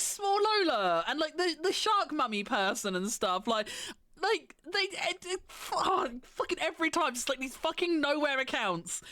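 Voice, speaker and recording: Woman streamer, sweary sarcastic ranter, high-pitched, dry recording. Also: fairly bright tone, no room sound. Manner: ranting, sweary, sarcastic mock voices. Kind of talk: casual stream chat.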